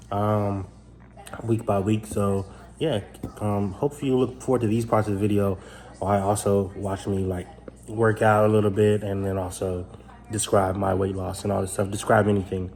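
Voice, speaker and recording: A man's voice: lowish voice, level tone, moderate pace, a little mellow. A man chatting casually to camera in a home vlog, filmed in his kitchen, with many ums and restarts. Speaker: vlogger.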